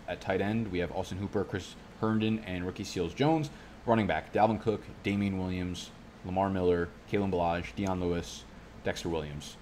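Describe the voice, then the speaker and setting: A man's voice: sits low, a little mellow, slight background noise. A young man talking casually to his viewers while drafting a fantasy football team, rambling, swearing freely and drifting off on tangents. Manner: rambling, profane, goes off on tangents.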